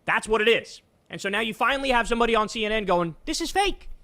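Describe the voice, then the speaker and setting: A man's voice: sits high, very fast, pushed and bright. A man streaming political commentary, reacting to a clip with heated, scornful ranting.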